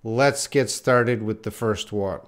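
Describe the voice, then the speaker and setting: A man's voice: fairly low pitch, slow. A man teaching English in a live online lesson, casual and self-deprecating, reacting to viewers by name as he tries tongue twisters.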